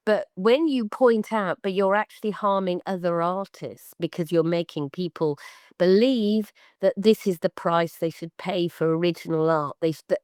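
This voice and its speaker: A middle-aged woman co-hosts a podcast, chatting in an animated, expressive way. Her voice sits low and sounds smooth and clear. The recording is dry and close, with no room sound. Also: no echo. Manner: animated, acts out quoted voices with big pitch jumps. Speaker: podcast co-host, artist. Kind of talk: casual podcast chat.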